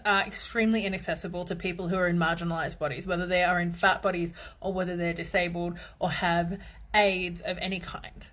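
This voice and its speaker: A woman's voice: lowish voice, little pitch movement, fairly quick, fairly bright tone. A woman in a social media video rant, indignant and impassioned.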